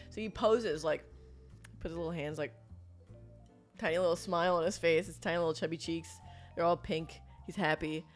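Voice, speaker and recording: A woman co-hosting a podcast, telling a story in casual chat, animated and swearing freely as she acts out the people in it. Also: fairly low pitch, moderate pace, soft background music. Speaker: podcast co-host.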